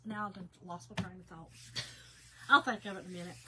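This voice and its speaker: A woman's voice: fairly low pitch, steady tone, fairly quick, pushed and bright, slightly rough. A woman, chatting folksily to viewers during a casual craft tutorial and laughing often. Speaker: craft vlogger.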